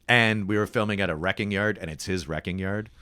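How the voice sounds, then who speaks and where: A man's voice: deep voice, brisk, clean tone, dry recording. A Canadian man, a comedian guest on a podcast, telling a story casually and acting out the voices of the people in it. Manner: animated, acts out voices.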